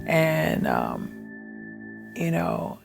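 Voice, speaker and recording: Gravelly, low-voiced woman telling her story. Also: huge pitch swings. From Baltimore, USA. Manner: candid, halting, reflective. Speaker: storyteller recounting her own life. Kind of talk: personal documentary testimony. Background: background music.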